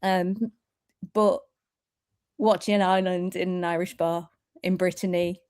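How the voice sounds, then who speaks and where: A woman's voice: fairly low pitch, steady tone, measured pace, darkish tone, clean tone, dry recording, studio quality. A woman co-hosting a casual football podcast chat, wry and chatty, laughing easily. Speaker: podcast co-host.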